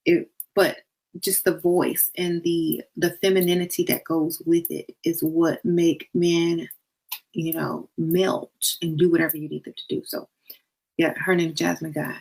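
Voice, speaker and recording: A woman hosting a casual advice talk, blunt and playful, speaking colloquially and now and then slipping into a sweeter, higher voice to show how it's done. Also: little pitch movement, unhurried, vocal fry, a little mellow, husky. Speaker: dating and self-worth advice host.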